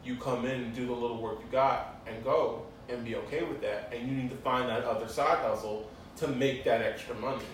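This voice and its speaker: A man co-hosting a casual podcast, explaining points in a relaxed, joking way. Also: mid-range voice, a little fast, recorded from a distance, a little hiss or hum. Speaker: podcast co-host. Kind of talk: casual chat. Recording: echoey room, off-mic.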